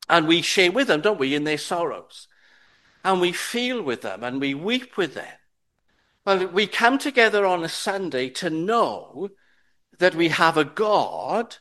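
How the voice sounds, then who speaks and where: Slow-preaching man with a high voice. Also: fairly bright tone. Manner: measured, emphatic repetition. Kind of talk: sermon.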